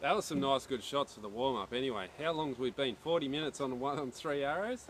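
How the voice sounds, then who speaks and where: A man's voice: medium pitch, fast. A man hosting a casual archery live stream outdoors, chatting, joking and reading viewer messages aloud. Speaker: archery livestream host. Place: outdoors at an archery range in wind. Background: wind noise.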